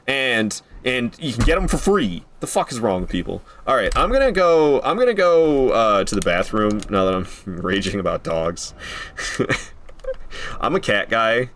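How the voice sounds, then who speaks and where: A man's voice: medium pitch, very animated, normal speed, a bit bright. A man streaming a video game, chatting casually and drifting into profane rants between fights. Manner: rambling, swears freely, goes off on rants. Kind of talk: casual gameplay commentary.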